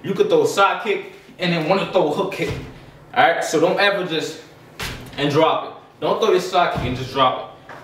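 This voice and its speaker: Breathless karate teacher in echoey room. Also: male voice, on the high side, moderate pace, a bit bright, a little hiss or hum. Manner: demonstrating kicks while talking, loose and chatty. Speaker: karate instructor. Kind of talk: casual martial arts lesson. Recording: echoey room, mic from a distance.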